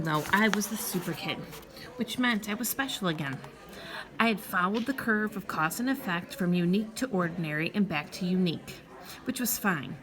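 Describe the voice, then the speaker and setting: A woman's voice: lowish voice, a bit bright. A woman narrating a children's novel in the first person, in a wry, matter-of-fact manner. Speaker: audiobook narrator.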